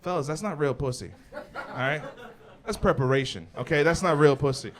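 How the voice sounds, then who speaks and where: A man's voice: fairly high pitch, fairly quick. Brash, profane male stand-up comic. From United States. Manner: brash, profane, slangy, says "bro" a lot. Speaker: stand-up comedian. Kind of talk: stand-up comedy. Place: comedy stage. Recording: live stage mic with audience laughter.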